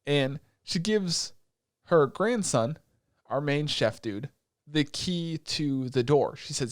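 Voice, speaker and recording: Excitable man recapping an anime. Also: a little high, takes it slowly, dry recording, studio quality. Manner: animated retelling with acted quotes and swearing. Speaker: podcast co-host. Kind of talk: casual chat.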